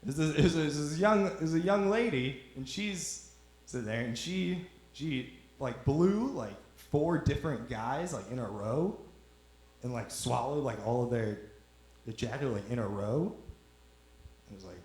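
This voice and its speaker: A man's voice: mid-range voice, lively intonation, moderate pace, darkish tone. A young man doing a rambling stand-up set, teasing the audience in a loose, drawling way on a club stage. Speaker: stand-up comedian. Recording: echoey club room.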